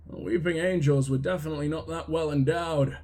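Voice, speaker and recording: A man giving sarcastic, profane let's play commentary as a gaming streamer, jumping into high yelps. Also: fairly even intonation, fairly quick, a little mellow.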